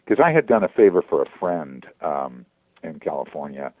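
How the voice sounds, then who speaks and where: A veteran voice actor talking in a phone interview, halting and repeating words as he goes. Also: a bass voice, big pitch swings, no echo. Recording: tinny phone line.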